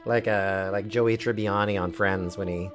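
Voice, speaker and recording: A man's voice: lowish voice, moderate pace. A man streaming a game, reading its text aloud and commenting with playful laughter. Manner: animated, laughing often, playful. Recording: music playing behind the voice.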